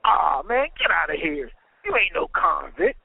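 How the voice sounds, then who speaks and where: A man voicing an excited, streetwise male prison inmate who talks in urgent slang. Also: fairly high pitch, a little slow, creaky, breathy edge, dry recording, heavily acted. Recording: tinny phone-like line.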